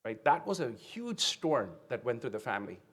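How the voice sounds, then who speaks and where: A man in his fifties from India giving a motivational keynote speech, telling his story earnestly and often checking in with the audience with a quick "right?". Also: mid-range voice, very animated, fairly bright tone. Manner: earnest storytelling with frequent "right?" tag questions. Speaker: keynote speaker. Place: conference venue.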